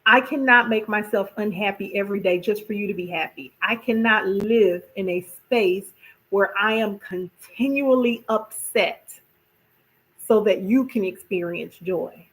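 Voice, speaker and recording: A woman hosting a casual wellness talk, chatty and expressive, often repeating herself and asking "right?". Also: medium pitch, unhurried, rough recording. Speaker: podcast host.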